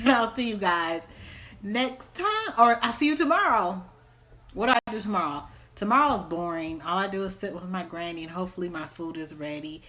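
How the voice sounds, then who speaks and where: A woman's voice: fairly low pitch, expressive, moderate pace, bright, forceful tone, lo-fi sound. A woman chatting casually to her vlog audience in a rambling, easygoing way, partly from a parked car. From Southern California. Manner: chatty, rambling, exasperated asides. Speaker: vlogger.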